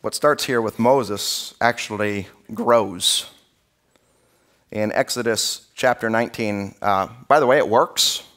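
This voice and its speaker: A man preaching a sermon as pastor in a church, in a conversational, animated storytelling way. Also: lowish voice, slow pace. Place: church sanctuary.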